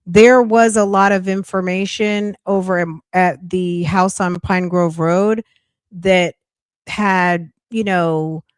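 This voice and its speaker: A woman's voice: on the low side, steady tone, takes it slowly, smooth, no room sound, clean studio sound. A woman hosting a casual livestream, chatting and thanking viewers as she thinks aloud. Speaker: podcast host. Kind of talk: casual livestream reaction chat.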